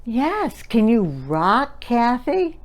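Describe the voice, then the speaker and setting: A woman voicing a gentle mother talking to her toddler in soothing, sing-songy baby talk. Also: on the high side, huge pitch swings, drawn-out words, voice pushed up, exaggerated voice. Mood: encouraging.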